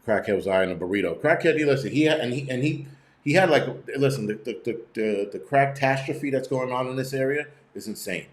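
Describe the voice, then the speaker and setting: A man's voice: medium pitch, lively intonation, fairly quick. Guy ranting on his stream, swearing a lot, tripping over his words, roomy echo. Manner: profane, rambling storytelling with many restarts. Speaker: channel host. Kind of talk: casual live-stream rant.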